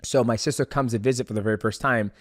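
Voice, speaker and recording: A man hosting a podcast, telling stories in a lively, casual way, cursing freely and acting out the voices of the people in them. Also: medium pitch, quick pace, no room sound, studio quality. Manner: animated, swears freely, acts out voices in stories. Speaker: podcast host. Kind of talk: casual storytelling chat.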